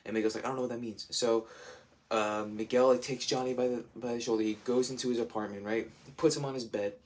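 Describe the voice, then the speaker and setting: A man's voice: medium pitch, steady tone, brisk. A man giving a casual spoiler review, enthusiastic and rambling, full of fillers. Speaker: show reviewer.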